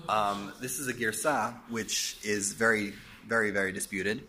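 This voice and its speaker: A man teaching a Torah class, explaining and posing rhetorical questions, a bit hoarse and coughing as he loses his voice. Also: fairly low pitch, steady tone, moderate pace, bright, forceful tone. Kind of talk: lecture.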